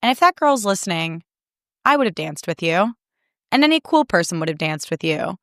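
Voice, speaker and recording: A woman's voice: on the low side, very animated, moderate pace, a bit bright, no echo, clean studio sound. A young woman from Chicago hosting a podcast, ranting with plenty of profanity in casual chat. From Chicago, US Midwest. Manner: heated profanity-laced rant. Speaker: podcast host.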